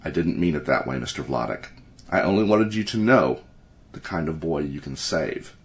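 A man voicing a male doctor who speaks in a calm, measured, assured way. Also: very deep voice, voice pushed down.

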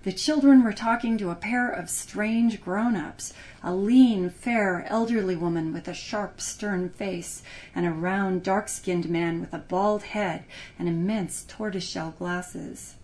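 A woman narrating a story in an expressive, lively reading style. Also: mid-range voice, unhurried. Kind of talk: audiobook narration.

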